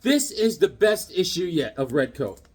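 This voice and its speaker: A man's voice: high voice, normal speed, breathy edge. A man chatting casually on his comic book channel, rambling through stories and doing voices. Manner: rambling, animated storytelling with voices. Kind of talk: casual vlog chat.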